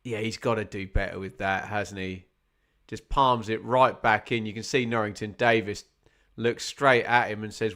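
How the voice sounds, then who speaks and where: Bloke calling a footy match live, chatty and wry, bright sharp voice. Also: male voice, on the low side, normal speed. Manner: chatty, wry asides, gets excited at chances. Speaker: watch-along commentator. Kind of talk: live football watch-along commentary.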